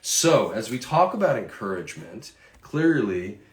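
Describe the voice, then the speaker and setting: A man's voice: fairly low pitch, big pitch swings, a little slow, a little hiss or hum. A middle-aged man giving a casual, conversational faith talk and reading scripture, with fillers and asides.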